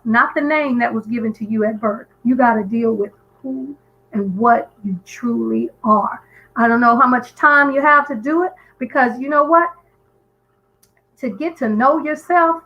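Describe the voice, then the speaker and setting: A woman's voice: high-pitched, dull audio. A woman calling in to a live stream, telling a story in an earnest, emphatic way with frequent restarts. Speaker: guest caller on a live stream. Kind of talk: casual call-in chat.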